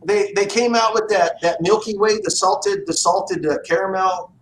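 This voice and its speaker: A man's voice: high-pitched, moderate pace, a bit bright. Profane rambling man in a roomy space. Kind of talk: casual chat. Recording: roomy echo with faint noise.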